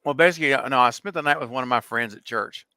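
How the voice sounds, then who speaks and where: A man's voice: medium pitch, fast talker, smooth, no echo. A man in his forties on a casual livestream, telling a funny childhood story with lots of laughter. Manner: animated storyteller, laughs often. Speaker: co-host.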